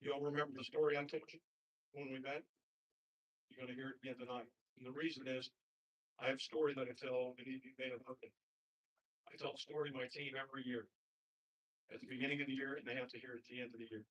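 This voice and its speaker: A man's voice: mid-range voice, level tone, fast, long pauses, fairly bright tone. A man who coaches basketball giving an earnest commencement speech to graduates, repeating plain advice. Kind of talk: commencement speech with a told story. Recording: husky voice from far off the mic.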